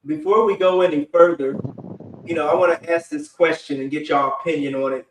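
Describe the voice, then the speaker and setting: A man's voice: a little high, fairly even intonation, a little fast, distant mic. A man hosting a live panel discussion, talking in a rambling, conversational way full of fillers. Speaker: panel host. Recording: echoey room, away from mic.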